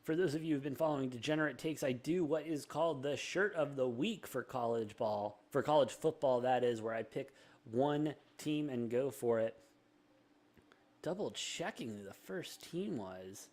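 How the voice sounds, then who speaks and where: A young man hosting a live sports betting show, rattling off quick play-by-play and joking banter. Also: mid-range voice. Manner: rapid, energetic play-by-play with self-deprecating banter. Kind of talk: live sports commentary and chat.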